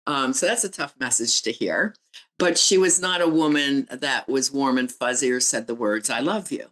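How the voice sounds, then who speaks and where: A woman's voice: a bass voice, normal speed, fairly bright tone, poor audio. A woman guest on a podcast, speaking candidly and reflectively about her own family experiences as a relationship coach and author. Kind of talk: podcast interview storytelling.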